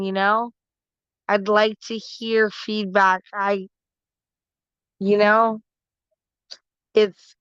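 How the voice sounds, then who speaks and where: A woman speaks slowly and haltingly, with little pitch movement, as a guest on her partner's stream. Her voice is smooth and clear, but the audio reaching the stream is dull and lo-fi, with a dry, close sound. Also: fairly bright tone, dry recording. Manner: hesitant, halting, many restarts. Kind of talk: casual live stream talk.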